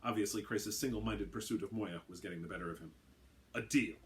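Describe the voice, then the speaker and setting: A man narrating his own story aloud in a brisk, wry way. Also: lowish voice, slight background noise.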